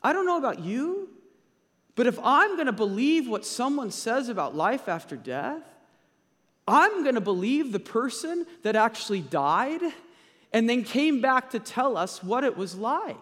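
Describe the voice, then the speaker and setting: A male pastor preaching a sermon, emphatic and slowing down to stress key points. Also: very high voice, sing-song, a bit bright, big-room sound.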